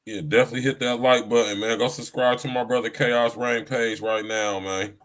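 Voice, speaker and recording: A man's voice: mid-range voice, steady tone, normal speed, fairly bright tone. A man hosting a podcast stream in casual, hyped chat, repeating himself and ending lines with "man.". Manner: hyped, repetitive, keeps tagging "man". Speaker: podcast host.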